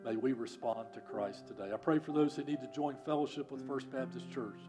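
A man's voice: medium pitch, a little fast, over music. Earnest pleading male pastor. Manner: earnest, pleading, rises to loud emphatic peaks. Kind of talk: sermon and closing prayer. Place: church.

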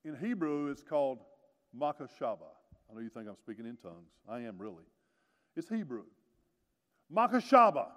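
A man in his sixties preaching a sermon, swinging from hushed lows to loud emphatic peaks, with folksy joking asides. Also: very animated, fast talker. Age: 60s. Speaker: pastor. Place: church sanctuary. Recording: long reverb of a church hall.

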